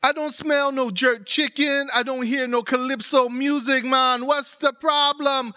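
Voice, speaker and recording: A man's voice: extremely high pitch, steady tone, unhurried, pushed and bright, voice pushed up, heavily acted. A man voicing a sly, clever male spider trickster, coaxing and crafty. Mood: puzzled.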